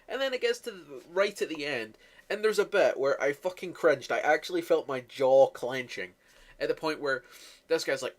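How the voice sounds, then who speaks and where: A man's voice: on the high side, big pitch swings, moderate pace, fairly bright tone. Sweary man ranting animatedly. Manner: profane, mocking, exasperated. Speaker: movie reviewer. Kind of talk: sweary comedic movie rant.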